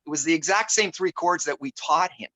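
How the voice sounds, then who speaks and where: A man guesting on an interview show tells a story in a loose, rambling way and stops often to find his words. His voice is slightly high and very bright. The recording is dry and close, over a video call. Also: a little fast, dry recording, poor audio. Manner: rambling, searches for words, many fillers. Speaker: guest musician. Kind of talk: casual storytelling.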